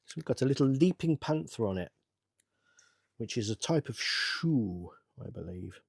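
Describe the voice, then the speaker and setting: A middle-aged man chats away to himself as he works at a table, rambling with sudden bursts of excitement. His voice sits at an ordinary middle pitch. The recording is dry and close, with no room sound. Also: moderate pace, breathy edge, dry recording. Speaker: channel host. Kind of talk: casual build-along chat.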